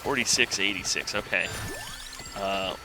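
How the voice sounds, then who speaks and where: A man casually commenting on his own gameplay, thinking aloud in a relaxed, rambling way. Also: sits low, a little slow, music in the background, rough recording. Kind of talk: casual let's-play commentary.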